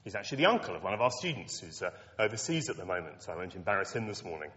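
A man preaching a lecture-style sermon to students, animated, with wry asides. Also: sits low, very fast. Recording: dull lo-fi recording in a reverberant hall.

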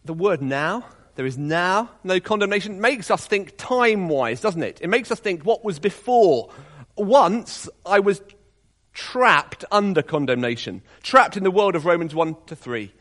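A man preaching a sermon to his congregation, reading scripture aloud and dropping to quiet, intimate appeals. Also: high voice, lively intonation, a little slow.

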